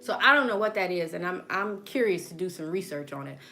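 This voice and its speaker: A woman with a Southern US accent telling stories in a casual chat, animated and laughing often as she acts out quotes. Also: lowish voice, fast. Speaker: podcast host.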